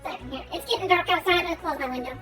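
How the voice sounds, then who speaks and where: A woman's voice: very high-pitched, very fast, a bit bright, low-quality recording. A woman streaming a game, chatting casually and giggly as she plays. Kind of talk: casual gameplay commentary. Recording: game music playing underneath. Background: game music.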